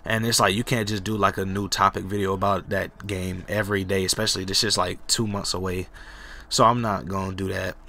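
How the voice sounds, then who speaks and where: A man's voice: low-pitched, little pitch movement, a little fast, creaky, pushed and bright, a little hiss or hum. A young man from Jacksonville, Florida, sick and cracking, giving loose, profane, rambling commentary over his football game. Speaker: gaming YouTuber. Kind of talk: casual gameplay commentary.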